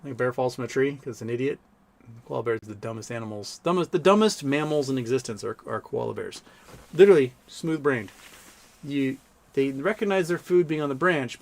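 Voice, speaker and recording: A man hosting a loose livestream, talking off the cuff in a mid-range voice. He wanders from thought to thought and breaks into laughter often as he reads viewer comments. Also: mid-range voice. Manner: rambling, laughs often, mimics people in quotes. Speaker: livestream host. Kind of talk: casual livestream chat reading super chats.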